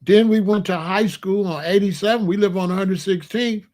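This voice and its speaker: A man's voice: high voice, fairly even intonation, moderate pace, darkish tone. A man in his late sixties, a show host, telling family stories in a casual, streetwise, boastful way with plenty of slang. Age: 60s. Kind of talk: casual storytelling monologue.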